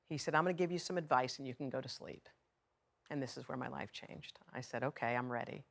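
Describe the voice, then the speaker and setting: A woman's voice: extremely low pitch, brisk, gravelly. A middle-aged woman giving a candid, conversational personal speech in a video message, acting out the dialogue she recalls.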